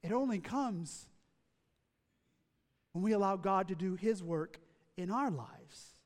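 A man's voice: high-pitched, lively intonation, takes it slowly, in a large hall. A man preaching a sermon, telling a story and driving points home by repeating key phrases. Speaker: pastor.

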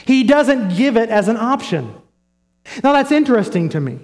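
A male pastor delivers an emphatic sermon in a high, light voice. He builds his points through repetition and rhetorical questions aimed at the congregation. A long reverb trails each phrase as it carries through a large church sanctuary. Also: sing-song, moderate pace, a little mellow.

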